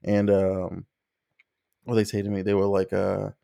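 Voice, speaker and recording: A man's voice: low voice, unhurried, vocal fry, no echo, clean studio sound. A man hosting a podcast in casual chat, crude and laughing as he tells stories. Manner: crude, laughing, animated storytelling. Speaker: podcast host.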